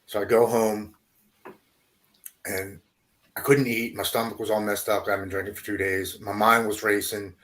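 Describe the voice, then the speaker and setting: A podcast guest tells his recovery story haltingly, repeating words and going quiet at hard moments. His voice sits on the low side with a level tone.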